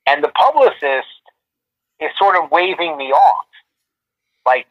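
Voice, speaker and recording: A man tells long stories as a guest in a casual interview, circling back with restarts and fillers. His voice sits a little high for a man. He comes through a muffled, lo-fi call line. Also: big pitch swings, measured pace, long pauses. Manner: rambling, many restarts and fillers. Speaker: photographer guest.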